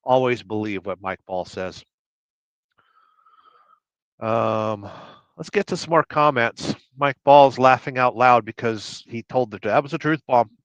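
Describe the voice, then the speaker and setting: A man's voice: medium pitch, slow, pauses often, a bit bright, no room sound. Man, livestream host, rambling, joking, dry dull sound. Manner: rambling, joking, reads chat names aloud. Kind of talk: casual livestream chat reading comments.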